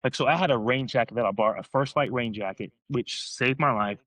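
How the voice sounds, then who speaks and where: A man on a podcast, telling a story in a casual, excited way, rambling, restarting his sentences. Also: medium pitch, a little fast, dry recording, rough recording.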